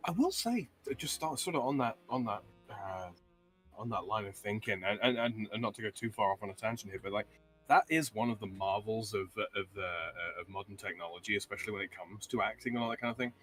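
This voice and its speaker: A man's voice: fairly low pitch, fast talker, a bit bright, faint music behind. A man guesting on a podcast in casual chat, wry and profane, drifting into tangents.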